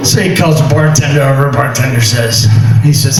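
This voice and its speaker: A man's voice: fairly high pitch, a little fast, over music. A man hosting an open-mic night at a bar, telling a joke and acting out its characters. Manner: animated storyteller, acting out characters. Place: small bar stage. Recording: echoey bar from a distant mic.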